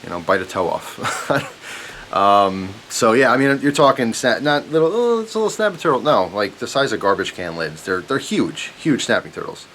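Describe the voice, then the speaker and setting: A young man with a fairly low voice tells a story in a loose, rambling, animated way, often chuckling. A faint hiss sits under the recording. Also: normal speed. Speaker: vlogger. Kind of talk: casual storytelling.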